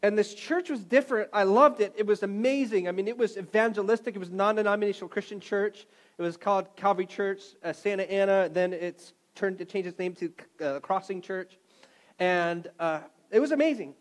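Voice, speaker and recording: A middle-aged man preaching a sermon, telling a personal story in an animated way that swings between loud and quiet. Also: high-pitched, fairly quick. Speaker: pastor.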